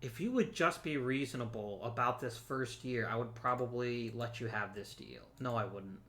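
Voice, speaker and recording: Male gameplay host, bright tone, chatty and jokey, talks back to the screen. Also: medium pitch, normal speed. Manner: chatty and joking, talks to the viewers and to the players on screen. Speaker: let's play host. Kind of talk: casual gameplay commentary.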